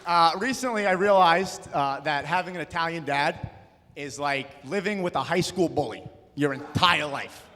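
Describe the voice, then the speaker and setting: A young man doing a stand-up comedy set, loud and punchy, slipping into acted-out voices. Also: on the high side, animated, moderate pace. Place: comedy club stage. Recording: live room with long reverb.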